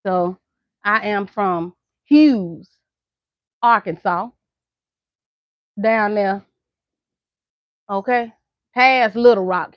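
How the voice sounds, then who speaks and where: Laughing often, a middle-aged woman with a Southern American accent chats casually to the viewers of her vlog. She speaks in a mid-range voice, captured in a dry recording with dull lo-fi sound.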